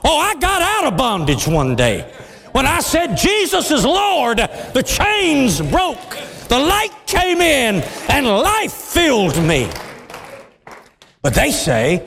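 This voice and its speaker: A man preaching a sermon with impassioned, dramatic swings, dropping into deep voices for emphasis. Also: huge pitch swings, takes it slowly, creaky, a bit bright. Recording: long hall reverb.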